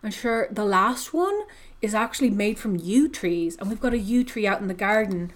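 A woman's voice: mid-range voice, expressive, moderate pace. Woman host, casual chat recapping a novel, chatty, filler-heavy. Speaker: podcast host discussing a book.

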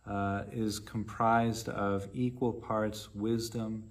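A man with a low-set voice gives a dharma talk as a meditation teacher. He speaks very slowly and in a measured way, letting long pauses fall between short phrases. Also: level tone.

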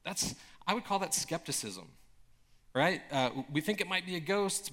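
A man preaching a sermon in a casual, conversational way, with frequent filler words and emphatic bursts of excitement. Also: high voice, moderate pace. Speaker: pastor.

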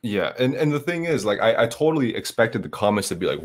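Man, low voice, rambling, emphatic, lots of swearing, casual podcast chat. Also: sing-song, fast.

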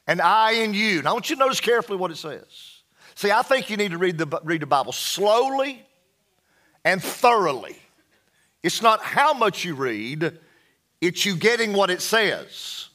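A man delivers a sermon in a high, ringing voice. He moves at an unhurried, deliberate pace and leans on scripture, reading each phrase slowly. He often sinks to a hushed, low tone to drive a point home. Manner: slow, emphatic preaching with dramatic drops in pitch and volume. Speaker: pastor.

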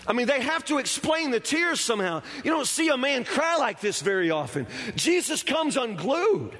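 A man's voice: extremely high pitch, sing-song, moderate pace, a bit bright, big-room sound. A man preaching a sermon in a conversational, emphatic way, often stammering over restarts. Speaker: pastor.

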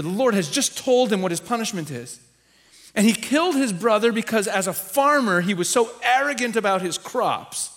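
In a church, a male rabbi preaches a sermon with a high voice. He teaches with animated emphasis and dramatizes the voices he quotes.

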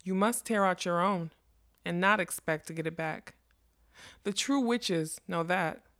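A grave, gentle unicorn, read by a woman. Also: fairly low pitch, unhurried, no room sound, clean studio sound. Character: proud, gentle female unicorn. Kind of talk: storybook reading.

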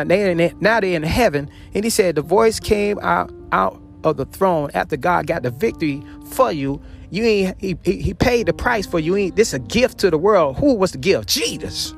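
Man, preacher, sermon, fervent, repeats phrases, frequent hallelujahs, fairly high voice, faint music behind. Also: expressive, normal speed, vocal fry, hardly any pauses. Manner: swings between loud calls and low murmurs. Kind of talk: sermon on scripture.

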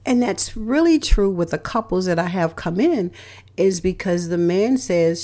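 A woman's voice: on the low side, lively intonation, a little slow, mellow. A middle-aged woman, a radio host and relationship counselor, giving motivational talk in an emphatic, repetitive way, hammering home points with lists. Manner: emphatic and repetitive, stressing key words with lists.

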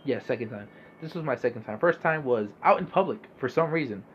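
A man's voice: mid-range voice, animated, fairly quick. Young man, casual monologue, loose and profane, muffled lo-fi audio, faint background hum. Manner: laid-back, rambling, swears often. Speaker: podcast host.

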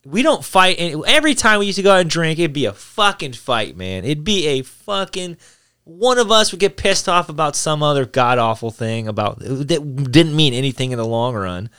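Male host, casual chat, bright dry voice, profane and animated. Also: fairly high pitch, moderate pace, clean tone, dry recording.

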